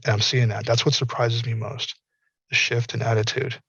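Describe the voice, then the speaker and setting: A man's voice: mid-range voice, level tone, moderate pace, gravelly, a bit bright, breathy edge, no room sound, lo-fi sound. A man from the American South, a panel guest talking in an earnest, folksy way and acting out imagined dialogue. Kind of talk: casual panel talk.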